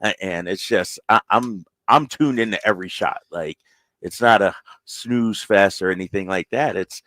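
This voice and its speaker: Brief: relaxed male co-host, earnest, dry close studio sound. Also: low-pitched, normal speed, no echo. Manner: earnest, relaxed, says "man" a lot. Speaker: radio sports co-host. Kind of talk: casual sports talk chat. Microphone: studio microphone.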